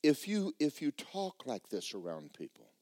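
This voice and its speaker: A man preaching a sermon, telling stories in an animated, repetitive way. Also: mid-range voice, moderate pace, no room sound.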